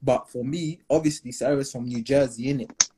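A young man co-hosting a casual podcast, talking in animated slang and laughing often. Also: mid-range voice, normal speed, a little hiss or hum. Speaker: podcast co-host.

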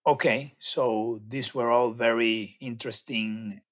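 A man interviewing a coach, asking measured follow-up questions. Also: medium pitch, steady tone, a bit bright.

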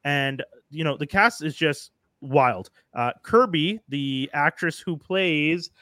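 A man's voice: fairly high pitch, takes it slowly, bright, forceful tone, dry recording, studio quality. A man co-hosting a podcast, chatting casually and with enthusiasm about shows and actors. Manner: enthusiastic, talkative, slangy. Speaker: podcast co-host. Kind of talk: casual chat.

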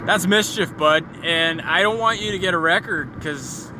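A man's voice: on the high side, moderate pace, background noise. A man in his thirties telling a comedic story on a podcast, profane and exasperated, mocking the people in it.

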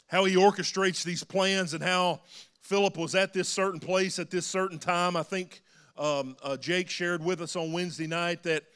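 A man's voice: high voice, steady tone, moderate pace, fairly bright tone, clear, resonant tone. A man preaching a sermon in a church, earnest and rising to emphatic calls. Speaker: pastor. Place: church sanctuary.

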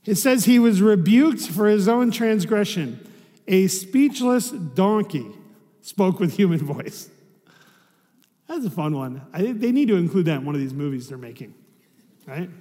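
A man with a notably high speaking voice delivers a sermon as a pastor, chatty and conversational. He keeps checking in with the room through rhetorical questions. His words trail off into a long hall reverb. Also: animated, a little slow, dark tone.

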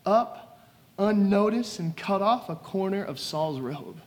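Speaking slowly in a high-pitched voice, a man delivers a sermon built around a retold story. He tells it animatedly, acting out each scene.

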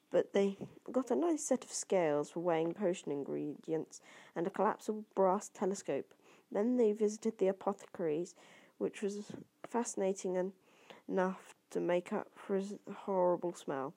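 Lady reading a kids book aloud, mellow voice, trips over words a lot. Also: medium pitch, normal speed. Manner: stumbles over words and restarts. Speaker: reader. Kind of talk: amateur audiobook reading.

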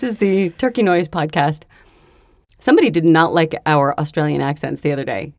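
Female podcast co-host, lowish voice, chatty animated storyteller, dry close sound. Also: moderate pace, no room sound. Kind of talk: casual chat.

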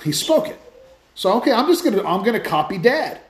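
A man hosting a Christian podcast, telling stories in a lively, casual way with many restarts. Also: high-pitched, a little fast, echoey room. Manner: animated storytelling with many restarts. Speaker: podcast host, Christian speaker. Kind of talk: casual faith talk.

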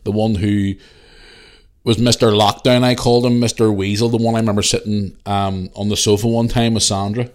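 A man's voice: on the low side, little pitch movement, a little fast. A man with a Northern Irish accent hosting a podcast, telling stories in a blunt, opinionated way. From Northern Ireland. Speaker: podcast host. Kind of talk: casual monologue.

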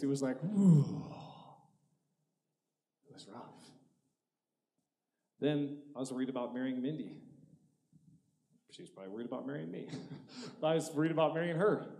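A man in his forties preaching a sermon, telling a personal story in an animated way that swings between loud and hushed. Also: mid-range voice. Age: 40s. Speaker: pastor. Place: church auditorium. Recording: echoey church hall.

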